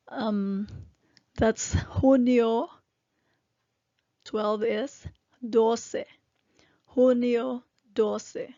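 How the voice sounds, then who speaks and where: A woman from the Philippines teaching a language lesson, explaining words patiently syllable by syllable with frequent pauses and fillers. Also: fairly high pitch, vocal fry, mellow, dry recording, muffled recording.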